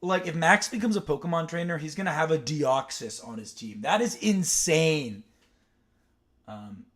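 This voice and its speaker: A man's voice: fairly high pitch, brisk, fairly bright tone. Rambling young man chatting on a stream. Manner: rambling, digressive storytelling with many fillers. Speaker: streamer ranking cartoon characters. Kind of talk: casual chat.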